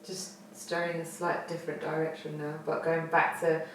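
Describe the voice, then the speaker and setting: A woman's voice: low-pitched, completely flat delivery, normal speed, a little hiss or hum. A woman co-hosting a podcast, rambling as she searches for words and laughs it off. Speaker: podcast co-host. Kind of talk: casual chat. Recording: roomy echo, distant mic.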